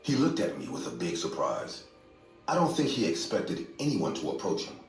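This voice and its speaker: Low-voiced man narrating a horror story. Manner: steady, measured storytelling. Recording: echoey distant room, faint music.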